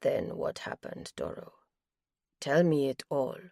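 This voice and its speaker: A calm, steady man speaks in a deep, soft, soothing voice, low and hushed, as a woman narrator puts him on. The audiobook delivery is slow and unhurried, with a dry, close sound. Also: no echo. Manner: soothing, quiet.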